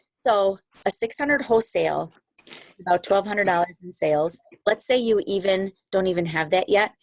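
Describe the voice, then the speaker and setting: A middle-aged woman leading her sales team on a video call, upbeat and encouraging, chatting with asides. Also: lowish voice.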